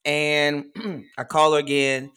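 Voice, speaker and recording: A man in his forties telling a personal story in casual chat, animated and often laughing as he talks. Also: on the high side, takes it slowly, clean tone. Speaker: guest storyteller.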